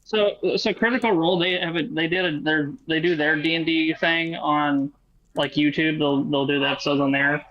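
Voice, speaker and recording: A man's voice: a little high, fairly even intonation, moderate pace, a bit bright, dry recording, lo-fi sound. A man with a slight Southern American accent, chatting with friends over voice chat in a rambling way, full of fillers. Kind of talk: casual chat.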